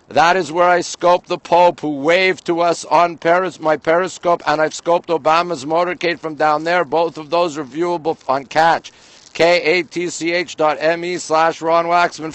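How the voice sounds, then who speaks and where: A man with a slightly high voice chats to his live viewers from an outdoor rooftop on a freezing winter night, greeting each one by name and city. The sound is dry and close, as if from a phone held in his hand. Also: fairly bright tone, no room sound. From Canada. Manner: greets viewers by place and name, chatty tour-guide patter. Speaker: livestream host. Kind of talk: casual live-stream chat.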